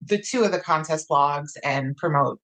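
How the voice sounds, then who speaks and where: A woman's voice: deep voice, moderate pace, fairly bright tone. A woman guest who runs a writing contest, explaining its prizes in upbeat casual chat with many fillers.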